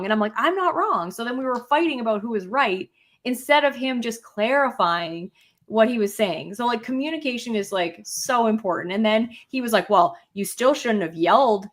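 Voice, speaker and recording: A young woman co-hosting a casual podcast chat, telling stories with animation and acting out quarrels with a rising voice. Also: a little high. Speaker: podcast co-host.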